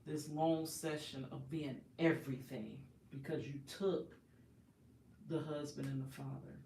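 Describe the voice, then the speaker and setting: A woman's voice: low-pitched, fairly even intonation, a little slow, mellow. A woman host telling her own story in an emphatic, impassioned, indignant way. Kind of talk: emotional personal storytelling. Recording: echoey room, distant from the mic, faint background noise.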